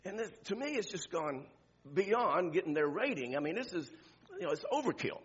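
Older guy preaching, husky high voice, asks lots of questions, restarts his sentences, muffled recording. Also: very animated, normal speed. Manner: conversational preaching with rhetorical questions and repeated restarts. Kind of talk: sermon.

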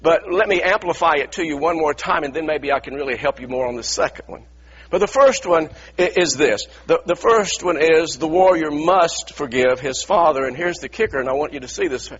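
A middle-aged pastor preaching a sermon in a church, earnest and repetitive, stumbling over restarts and firing rhetorical questions. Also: male voice, on the high side, brisk, fairly bright tone, husky, dull audio.

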